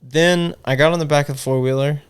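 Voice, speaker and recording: A young man guesting on a podcast tells rambling, profane party stories and laughs along in casual chat. His voice is high-leaning, smooth and brisk, with fairly even intonation.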